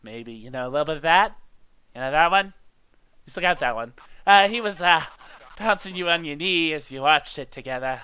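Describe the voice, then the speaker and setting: A man's voice: a little high, animated, normal speed, bright, forceful tone, clear, resonant tone, dry recording, voice pushed down, poor audio. A man voicing a nervous, flustered TV-headed game show host who stammers with fake cheer. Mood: wistful.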